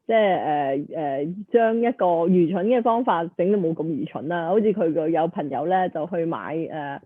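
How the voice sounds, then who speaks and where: A woman hosting an interview, summarizing for viewers and pausing often to search for words. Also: lowish voice, animated, dry recording. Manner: hesitant, with frequent filler sounds. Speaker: host. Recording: tinny phone-like line, dry.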